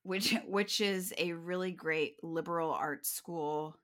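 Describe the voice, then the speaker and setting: A woman's voice: lowish voice, steady tone, slow, a bit bright. A woman co-hosting a true-crime podcast, telling the case in casual talk, swearing and joking as she goes. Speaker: podcast co-host.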